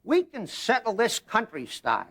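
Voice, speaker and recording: A man voicing a big gruff farmer who speaks bluntly and stubbornly. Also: high voice, wildly swooping pitch, normal speed, sharp tone, full character voice. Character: big gruff older male farmer defending his property.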